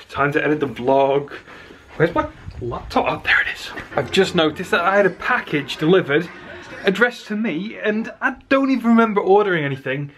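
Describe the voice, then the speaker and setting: A man's voice: high-pitched, expressive, normal speed, background noise. Chatty man vlogging. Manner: chatty, ranting when annoyed. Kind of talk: casual vlog narration.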